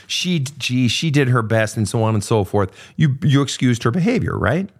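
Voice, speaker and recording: A man's voice: medium pitch, expressive, moderate pace, few pauses. A man coaching a guest through her family history, blunt and profane, pressing her with repeated pointed questions. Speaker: host. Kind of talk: confrontational coaching session.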